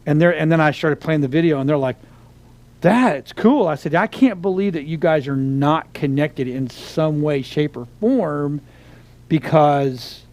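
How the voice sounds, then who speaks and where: A middle-aged man co-hosting a relaxed chat, his voice sitting a little high. He rambles through stories, restarting sentences and reaching for words as he goes. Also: normal speed. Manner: rambling storyteller, many restarts and fillers. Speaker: podcast co-host. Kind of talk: casual chat.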